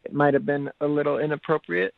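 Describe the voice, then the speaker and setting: Young male phone caller, unsure and halting, creaky voice over a thin phone line. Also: a little high, flat delivery, no room sound. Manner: hesitant, halting, many fillers. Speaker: phone guest.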